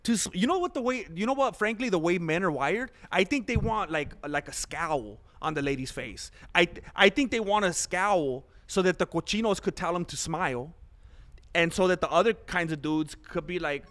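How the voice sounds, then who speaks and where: A man giving casual, animated commentary on a live stream while watching fights, chatting and laughing often. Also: high voice, normal speed.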